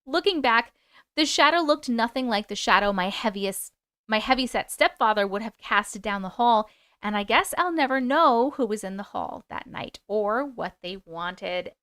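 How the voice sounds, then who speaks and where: Her voice is a little high, expressive and a bit bright, with a clean tone and moderate pace. She's a livestream host reading viewers' stories aloud, chatting back to comments and now and then breaking into bits of song.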